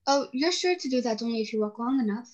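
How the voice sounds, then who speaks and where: Teasing, riddling cat, voiced by a woman, a little high, muffled lo-fi recording. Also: expressive, fast talker, darkish tone. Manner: teasing, matter-of-fact logic. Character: grinning, riddling Cheshire cat. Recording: dull lo-fi sound.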